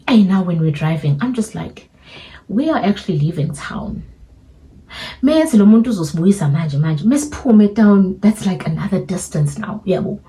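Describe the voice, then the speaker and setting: A young South African woman with a Zulu-tinged accent tells a lively storytime, acting out the voices of the people in it. Her voice sits a little low for a woman. A faint hiss of noise runs under the recording. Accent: South African English with Zulu. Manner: animated, mixing English and Zulu, acting out dialogue. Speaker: storyteller vlogger. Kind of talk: casual storytime.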